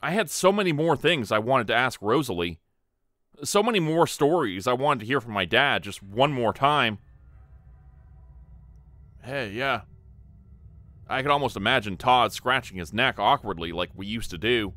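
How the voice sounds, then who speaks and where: Man narrating a scary story, bright voice. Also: medium pitch, lively intonation, normal speed, no echo. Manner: earnest, first-person storytelling. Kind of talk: scripted horror story narration.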